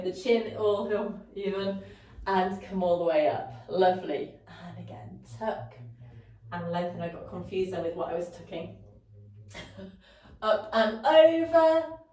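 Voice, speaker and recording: Slow-cueing woman Pilates instructor in an echoey room. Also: on the high side, a little mellow. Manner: encouraging, cueing breath and movement, occasional laughs. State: slightly out of breath at times. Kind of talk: guided workout instruction. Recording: roomy echo, mic at a distance.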